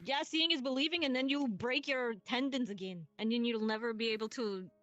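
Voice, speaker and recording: A woman's voice: a little high, fairly quick, a bit bright, soft background music. Sarcastic woman on a dull mic. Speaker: roleplay player. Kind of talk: casual in-character roleplay chat.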